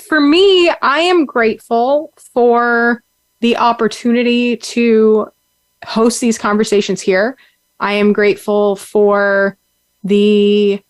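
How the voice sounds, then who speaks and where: A woman's voice: on the high side, no echo. Woman in her 30s hosting a call-in show, chatty, fillers everywhere, dry close sound. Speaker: podcast host. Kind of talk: live call-in show chat.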